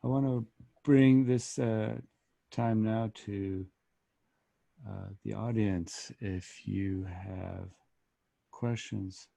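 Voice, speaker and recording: A reading host thanking a poet and opening the questions over a video call, speaking slowly and drawn out. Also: medium pitch, steady tone, vocal fry, warm tone, no room sound. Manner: slow, drawn-out thanks and introductions. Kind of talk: hosting a reading.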